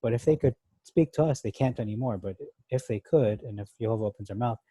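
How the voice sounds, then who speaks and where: A man's voice: medium pitch, fast talker, dark tone, breathy edge, dry recording, rough recording. A man going verse by verse through a Bible passage in a casual, conversational way, thinking aloud with fillers and asides. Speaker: Bible teacher.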